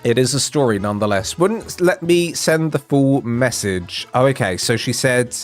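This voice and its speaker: A man's voice: medium pitch, lively intonation, moderate pace, hardly any pauses, faint music behind. Rambling, jokey guy streaming. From England. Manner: rambling, self-deprecating, jokey, trails off and restarts. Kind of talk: casual live stream chat.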